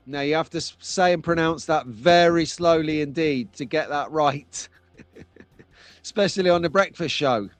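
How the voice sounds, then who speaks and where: A man's voice: a little high, moderate pace, no echo, faint music behind. A middle-aged man hosting a casual live stream from home, chatty and jokey as he reads out viewers' comments. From England. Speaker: host of a live slot car stream.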